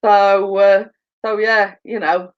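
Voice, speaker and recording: A woman's voice: medium pitch, flat delivery, slow. A woman chatting casually with viewers on a live stream, telling funny stories and laughing often. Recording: dull lo-fi sound.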